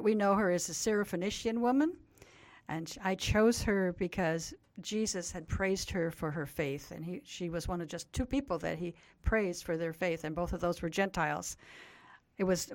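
A woman's voice: on the low side, moderate pace, no room sound. An older woman, a Bible teacher, explaining a scripture story earnestly as a guest on a talk program. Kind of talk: radio interview, storytelling.

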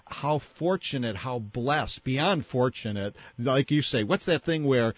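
A man co-hosting a faith radio show, speaking in a reflective, halting way about God's care. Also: mid-range voice, expressive, no echo. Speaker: radio co-host. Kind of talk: casual faith chat. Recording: dry, slightly dull radio sound.

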